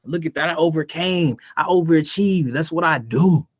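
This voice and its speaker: Higher-voiced guy hyping himself up on a podcast, kinda muffled lo-fi sound. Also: normal speed. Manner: boastful, playful trash talk. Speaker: podcast co-host. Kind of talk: casual podcast banter. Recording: dull lo-fi sound.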